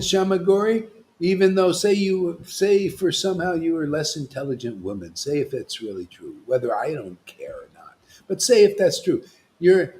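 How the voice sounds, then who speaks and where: Guy preaching a devotional sermon, kinda high voice, scolding, goes loud then drops to a hush. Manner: scolding and emphatic, swinging from loud to hushed. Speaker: spiritual master.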